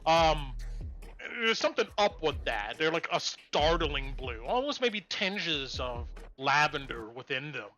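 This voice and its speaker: Guy running a tabletop game, rambly, bright kinda high voice. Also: big pitch swings, a little slow. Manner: rambling, full of likes and ums. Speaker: game master.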